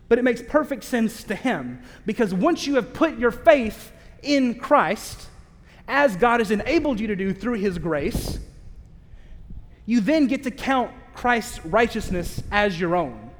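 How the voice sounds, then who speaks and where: A man preaching a sermon in a candid, conversational way, with self-aware asides and slow, emphatic stress on key phrases. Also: extremely high pitch, lively intonation. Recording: long reverb of a large hall.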